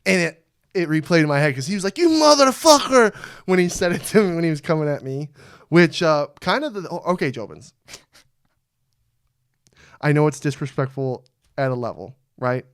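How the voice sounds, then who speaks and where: Animated, profane man on a podcast. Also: on the high side, moderate pace, long pauses, smooth, no echo, studio quality. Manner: animated, profane, acts out quotes loudly. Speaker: podcast host. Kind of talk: casual podcast chat.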